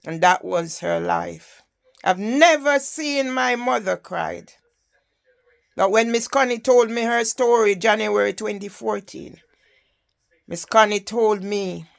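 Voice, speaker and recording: A woman's voice: mid-range voice, vocal fry. An older woman with a Jamaican accent, giving an impassioned personal testimony and often asking the listener "Yeah?". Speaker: campaigner telling her story.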